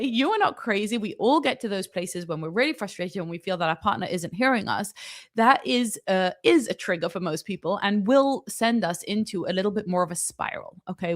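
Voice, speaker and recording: A woman marriage coach answering viewer questions in an advice video, talking in an animated, emphatic way and checking in often with the viewer. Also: mid-range voice. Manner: animated, emphatic, lots of "okay?" check-ins.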